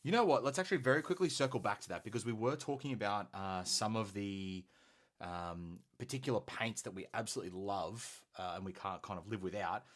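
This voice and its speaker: A very deep-voiced Australian man hosts a live painting stream. He talks in a loose, enthusiastic and chatty way, full of ums. He keeps the easygoing pace of someone working with his hands while he talks. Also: a little fast. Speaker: hobby stream host.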